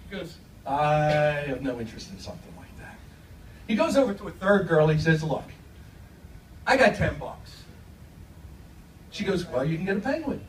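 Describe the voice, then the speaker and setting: Stand-up comic, male, high and animated, heard from a distance in an echoey club. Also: a little hiss or hum. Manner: animated storytelling, acts out characters' voices. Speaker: stand-up comedian. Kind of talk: stand-up joke telling. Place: comedy club stage.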